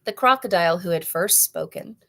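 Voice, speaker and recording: A woman reading a children's novel aloud, with clear, expressive storytelling. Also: lowish voice, fairly quick. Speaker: storybook reader.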